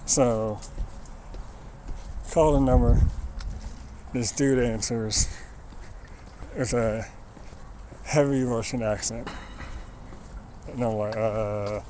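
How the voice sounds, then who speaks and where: A man's voice: mid-range voice, extremely slow, pauses often, dark tone, rough recording. Casual man telling a rambling story outdoors. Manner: rambling, wry, with many "like"s. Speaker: streamer. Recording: faint outdoor noise.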